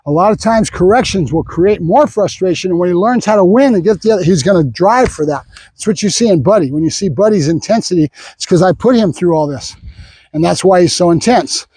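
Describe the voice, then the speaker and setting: Talkative high-voiced dog trainer man. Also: animated, brisk, warm tone, breathy edge, no room sound. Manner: talkative, explains while praising the dog. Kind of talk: explaining dog training while working a dog.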